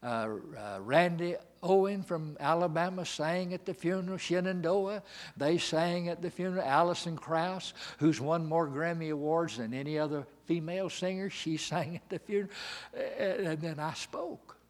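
A man preaching a sermon, swinging from hushed asides to shouting. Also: a little high, normal speed.

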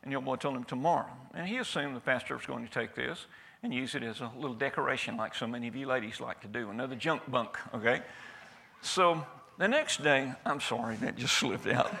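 A male pastor preaches in a church, spinning a folksy story and acting out each line of dialogue. His voice is gravelly and bright, and he talks at a quick clip. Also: mid-range voice, slight background noise. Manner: folksy, animated, acts out the dialogue. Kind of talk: storytelling sermon.

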